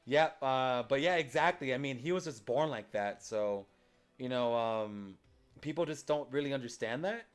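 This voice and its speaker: A man's voice: mid-range voice, expressive, moderate pace, clean tone, faint music behind. A man hosting a podcast in casual chat, loose and rambling with lots of fillers. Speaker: podcast host.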